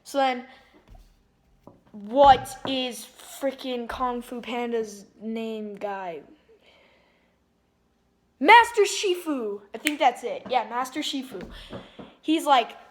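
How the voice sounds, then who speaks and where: A woman's voice: on the high side, animated, slow, pauses often, a little hiss or hum. A woman casually retelling a film's plot in a rambling way, full of "like" and restarts. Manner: rambling, heavy use of "like", frequent restarts. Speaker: movie reviewer.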